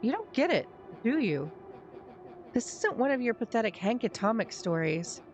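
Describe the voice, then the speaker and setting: A woman's voice: on the high side, very animated, moderate pace, soft background music. A woman streamer reading the lines of a bitter, sarcastic boy from a story game, blunt and slangy. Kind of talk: game dialogue read aloud.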